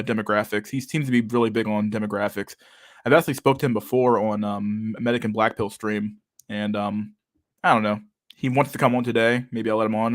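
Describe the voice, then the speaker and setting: A young man with a lisp and a slight stutter, chatting loosely with his stream audience. His voice sits low, and it comes across dry and close with no room sound. He fills gaps with ums and restarts. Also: dry recording. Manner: lisp and stutter, many fillers. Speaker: livestream host reading chat. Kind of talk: casual chat.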